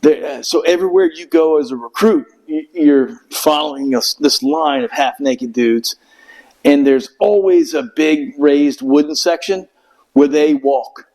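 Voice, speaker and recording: A man's voice: on the high side, a little slow, darkish tone, rough recording. A middle-aged man telling a rambling, profane story in casual chat, acting out quotes in raised voices. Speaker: Marine veteran guest.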